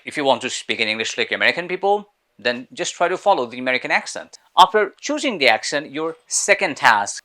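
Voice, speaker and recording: Guy teaching english, bengali first language, bouncy voice, bright sharp tone. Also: medium pitch. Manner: earnest, repeats phrases, lively emphasis. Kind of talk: spoken English lesson.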